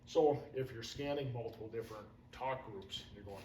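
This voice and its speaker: A man's voice: medium pitch, brisk, few pauses, dark tone. A man giving casual, hands-on radio training to firefighters, folksy and drifting into stories. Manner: casual, folksy, wanders into anecdotes. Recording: roomy, distant, faint room hum.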